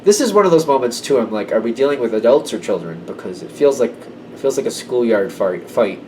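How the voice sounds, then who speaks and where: A man's voice: medium pitch, lively intonation, fairly quick, warm tone, distant mic, slight background noise, low-quality recording. A man giving a casual tarot reading to camera, conversational and emphatic. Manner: conversational, emphatic, slips into quoted voices. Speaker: tarot reader.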